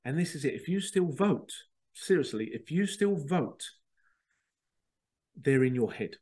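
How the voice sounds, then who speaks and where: A man's voice: on the high side, animated, measured pace, dark tone. Rambling man hosting a podcast. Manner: rambling, digressive, mocks others in put-on voices. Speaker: podcast host. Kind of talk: casual spoken monologue.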